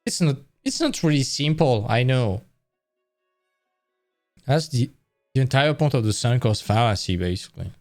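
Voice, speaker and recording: Brief: tired male art-stream host, mid-pitched voice, loose rambling chat, faint music behind. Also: sing-song, normal speed, long pauses, darkish tone. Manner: rambling, self-correcting, conversational. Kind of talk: casual live-stream talk.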